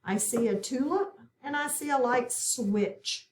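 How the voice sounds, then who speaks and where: A woman teaching a phonics lesson, patiently sounding out words and asking her students questions. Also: sits high. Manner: encouraging, asks the class questions, repeats words slowly. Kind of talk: slow, patient classroom instruction.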